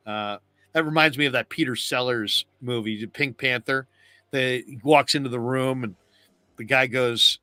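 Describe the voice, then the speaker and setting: Middle-aged male sports talk host, bright tone, dry close mic, storytelling recap. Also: mid-range voice, normal speed, dry recording. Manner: animated storyteller, acts out quotes. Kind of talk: casual postgame recap.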